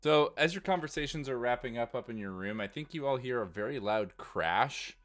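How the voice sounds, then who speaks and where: Acting as game master for a tabletop game, a man describes scenes casually and fills his narration with lots of fillers. His mid-range voice is animated and fairly bright, moving at normal speed over soft background music.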